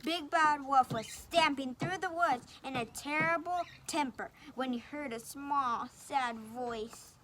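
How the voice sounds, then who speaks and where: A woman's voice: sits high, slow, hardly any pauses, fairly bright tone, a little hiss or hum. A woman reading a picture book aloud, taking turns with a partner and chatting about the pictures. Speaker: storybook reader.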